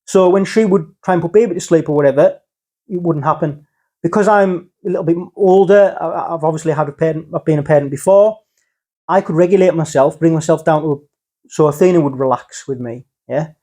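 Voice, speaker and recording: A man's voice: fairly high pitch, a little fast, warm tone. A middle-aged man from England, talking casually as a guest and checking in with "okay?" and "yeah?" as he explains. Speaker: podcast guest, father. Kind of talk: casual conversation.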